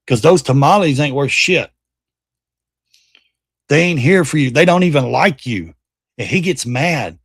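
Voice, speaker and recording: This livestream host rants about politics bluntly and profanely, putting on voices to quote and ridicule others. His mid-range voice is expressive, with a measured pace and a breathy edge, recorded in clean studio sound without any room noise.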